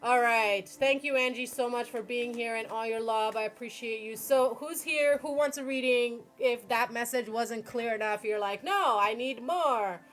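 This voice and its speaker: Expressive woman reading tarot live. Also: a little high, normal speed, hardly any pauses, faint music behind. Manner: expressive, swears freely, acts out dialogue. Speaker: tarot reader. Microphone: phone or computer mic on a live stream.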